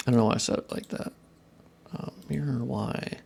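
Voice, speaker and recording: A young man with a gravelly, fry-tinged voice at a middle pitch, talking loosely to his stream audience as he works. He mutters, swears at his software and laughs at himself between thoughts. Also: expressive, measured pace. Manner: profane, self-deprecating muttering to chat. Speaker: modding streamer. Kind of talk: casual live-stream chat while working.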